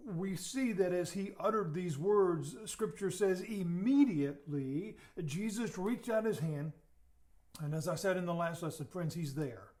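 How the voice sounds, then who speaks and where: High-voiced earnest male pastor. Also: measured pace. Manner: earnest, repeats words, drops to soft emphasis. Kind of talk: sermon teaching.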